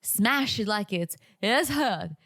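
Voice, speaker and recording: A woman's voice: mid-range voice, expressive, slow, fairly bright tone, no echo, clean studio sound. A woman co-hosting a podcast, chatty and playful in casual talk. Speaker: podcast co-host.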